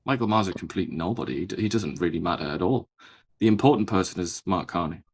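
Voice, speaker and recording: A man co-hosting a political commentary show, speaking in a dry, sardonic, measured way. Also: low voice, animated, a little hiss or hum. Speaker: co-host.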